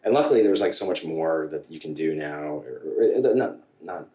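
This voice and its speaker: A man guest telling a personal story in a halting way, with many restarts and quoted dialogue. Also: very deep voice, expressive, warm tone. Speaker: podcast guest. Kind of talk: candid storytelling conversation. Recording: echoey room, voice from a distance.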